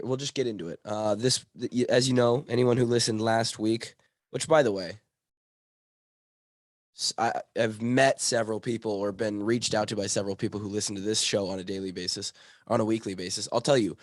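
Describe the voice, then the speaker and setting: Hoarse, rambling male podcast host. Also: mid-range voice, no room sound, studio quality. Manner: rambling, self-correcting, chatty. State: hoarse from a cold. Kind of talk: casual solo podcast talk.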